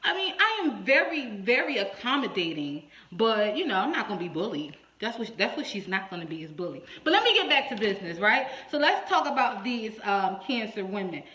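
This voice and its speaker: A woman's voice: mid-range voice, very animated, fairly quick, few pauses, bright, forceful tone. A woman hairstylist telling a story to her viewers in a casual, salty way, playing both sides of a phone call. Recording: echoey room, dull lo-fi sound.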